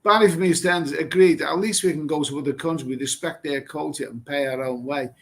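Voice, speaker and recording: A man's voice: a little high, fairly quick, fairly bright tone. A middle-aged man from England hosting a live stream, reading out viewer comments and reacting in a blunt, rambling way, swearing casually and repeating himself. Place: Thailand.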